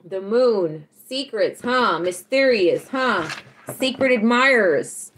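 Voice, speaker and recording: A woman, chatting casually on a tarot livestream, teasing and animated, laughing often as she reads out chat. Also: fairly high pitch, slow.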